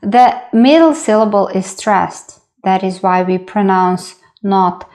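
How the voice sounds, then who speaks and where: Slow, patient Russian-accented woman teacher. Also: medium pitch, a little mellow. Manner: slow, patient, repeats each sound. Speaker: language teacher. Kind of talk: slow beginner lesson.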